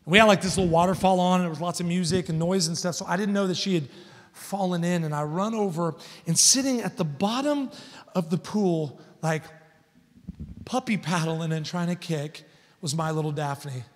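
Man, 30s, guest preacher; storytelling sermon with rising emphatic peaks, higher voice, reverberant sanctuary. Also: moderate pace. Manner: storytelling, builds to loud emphatic points. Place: large church hall. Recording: long church hall reverb.

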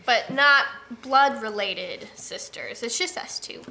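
A woman's voice: fairly high pitch, lively intonation, slow pace, vocal fry, sharp tone. A young woman co-hosting a livestream in casual chat, telling stories and reading viewer comments aloud. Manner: chatty storytelling, reads viewer comments aloud. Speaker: livestream co-host.

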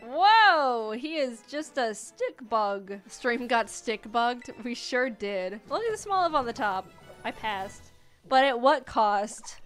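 A young woman in her twenties casually commenting while playing a video game, often jumping high when excited. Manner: excitable, squeals high at cute creatures. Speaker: gaming YouTuber. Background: faint game music.

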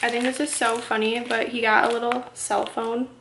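A woman's voice: on the high side, steady tone, a little fast, creaky, echoey room, over loud music, rough recording. A heavily pregnant young woman vlogging from home, chatty and upbeat with many fillers, a little out of breath. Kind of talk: casual haul vlog.

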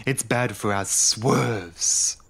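A man's voice: mid-range voice, drawn-out words, creaky, a bit bright, breathy edge, full character voice. A man voicing a bossy, haughty female diesel railcar in a storybook reading, imperious and scolding.

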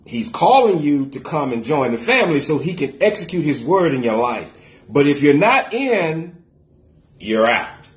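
A middle-aged man preaching a sermon as pastor, plain-spoken and colloquial, getting excited and breaking into bits of gospel song. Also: a little high, a little slow, roomy sound. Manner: excitable, shouts and sings snatches of gospel songs.

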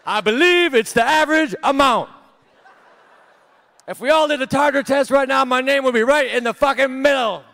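A man in his thirties doing a stand-up set on a theater stage, delivering deadpan one-liners that trail off into small laughs at himself. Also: extremely high pitch, normal speed. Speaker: stand-up comedian. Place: large theater stage, live audience.

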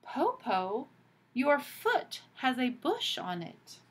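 A woman's voice: high-pitched, wildly swooping pitch, slow pace, a little hiss or hum, voice pushed up, heavily acted. A woman voicing a clever eldest girl who keeps asking curious questions. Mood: questioning.

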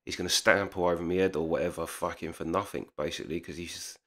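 A man's voice: low-pitched, steady tone, fast talker, fairly bright tone. A man telling a heated personal story in casual speech, swearing often and acting out the dialogue. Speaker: storyteller vlogger.

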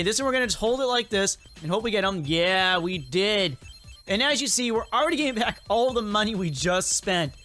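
A young man hosting a gaming video, giving excited play-by-play commentary and crooning over every good pickup. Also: high voice. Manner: hyped, croons "oh yeah, baby" at loot.

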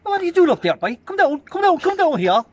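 A man putting on a high, squeaky Irish country man with an Irish accent, calling someone down. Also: very animated, quick pace. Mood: hollering.

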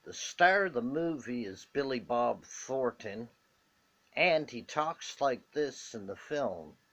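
A man's voice: mid-range voice, animated, slow, fairly bright tone. A man casually recommending a movie to the camera in a plain, earnest, repetitive way. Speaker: video maker. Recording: dull lo-fi recording.

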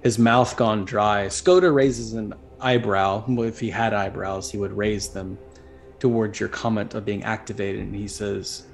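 A man's voice: fairly low pitch, fairly even intonation, unhurried. A man narrating a tabletop role-playing game as dungeon master, describing scenes and calling for checks. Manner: descriptive storytelling with character asides. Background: faint background music.

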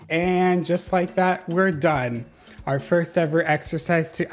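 A man giving casual gameplay commentary as a YouTuber, chatty and excitable, laughing often. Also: a little high, unhurried, soft background music. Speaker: gaming YouTuber.

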